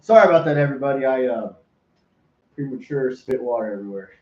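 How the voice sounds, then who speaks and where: A man's voice: medium pitch, animated, fast talker, echoey room, dull audio. A man hosting a casual podcast, laughing often and swearing freely. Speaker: podcast host.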